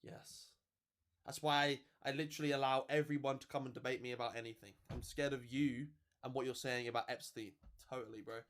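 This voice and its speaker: A man's voice: mid-range voice, fairly even intonation, a little fast, fairly bright tone, a little hiss or hum. A man hosting a casual livestream, talking to viewers in a sarcastic, swearing, offhand way. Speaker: livestream host.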